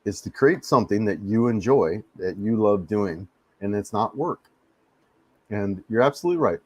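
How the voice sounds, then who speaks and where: An American man hosts a casual live stream from his home in the Philippines, answering viewers in an easygoing, rambling way and often repeating his words. His voice is lowish, animated, a little mellow and moderately paced, with no room sound, and he adjusts his desk mic.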